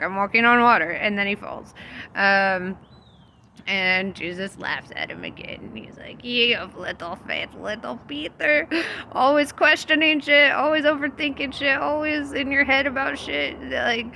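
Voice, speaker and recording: A woman's voice: mid-range voice, bright, forceful tone, a little hiss or hum. A young woman vlogging about faith in a casual, loose storytelling monologue, laughing often and swearing freely. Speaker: spiritual vlogger.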